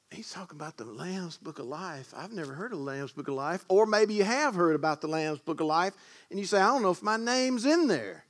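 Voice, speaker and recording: A middle-aged man delivers a fervent sermon. His voice sits high for a man. He moves from hushed, almost murmured lines to loud, emphatic phrases, repeating words to drive them home. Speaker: pastor.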